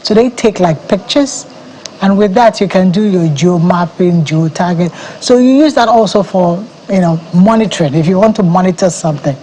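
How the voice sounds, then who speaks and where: A woman's voice: on the low side, moderate pace, dark tone, a little hiss or hum, poor audio. A Nigerian woman, head of an agency, explaining confidently as a guest in a TV news studio interview. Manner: confident, explanatory, laughs easily.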